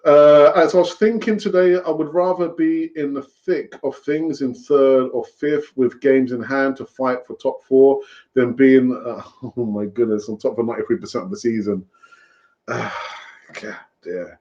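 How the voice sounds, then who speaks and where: A man's voice: mid-range voice, steady tone, normal speed, dark tone. A man hosting a fan live stream, talking in a rambling, chatty way with fillers and laughs, over lo-fi stream audio. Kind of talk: casual live-stream chat.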